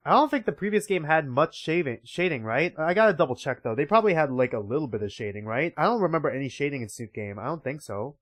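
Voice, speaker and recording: Rambling, animated young male streamer. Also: a little high, fast, few pauses. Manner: rambling, swears freely. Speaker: game streamer. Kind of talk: casual gameplay commentary and reading aloud.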